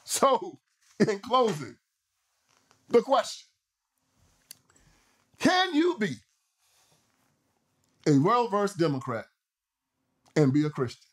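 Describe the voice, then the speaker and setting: Guy with a high-ish voice preaching hard, repeating himself for emphasis. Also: very animated, takes it slowly, long pauses, a bit bright. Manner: emphatic, repetitive, sermon-like delivery. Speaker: political commentary host. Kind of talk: preachy monologue.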